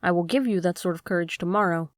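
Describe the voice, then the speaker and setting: A woman's voice: on the low side, fast talker, no echo, clean studio sound, natural voice. A woman reading the lines of a little humbug wizard, kindly and a little meek. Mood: mild.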